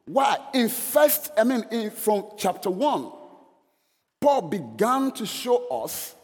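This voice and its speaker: A man's voice: sits high, sing-song, slow, big-room sound. A male preacher giving a sermon in an earnest, stop-start way, with frequent restarts.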